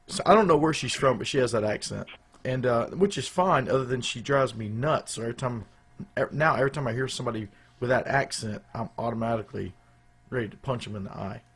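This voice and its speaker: A man's voice: medium pitch, fast talker, fairly bright tone, breathy edge. A man co-hosting a live show, chatting casually in a rambling, jokey way with loose restarts. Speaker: podcast co-host.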